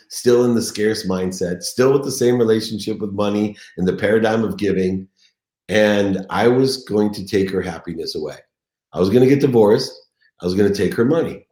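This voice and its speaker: Deep-voiced middle-aged guy, motivational talk, earnest and emotional, echoey room. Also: moderate pace, darkish tone. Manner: emotional, earnest storytelling, voice catching at moments. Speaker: motivational speaker. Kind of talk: confessional motivational speech.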